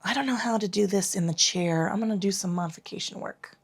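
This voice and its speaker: Brief: woman yoga teacher, mid-pitched voice, talks students through breath and leg lifts with blunt, playful profanity. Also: fast talker, breathy edge. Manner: profane, frank and playful while cueing breath. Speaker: yoga instructor. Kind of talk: guided yoga class instruction.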